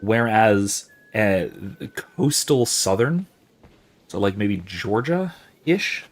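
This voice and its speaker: Guy w a lowish voice rambling like a professor while gaming, lots of ums and restarts. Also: big pitch swings, extremely slow. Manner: reads out viewer chat and reacts. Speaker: gaming channel host. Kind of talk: casual explanatory commentary while playing.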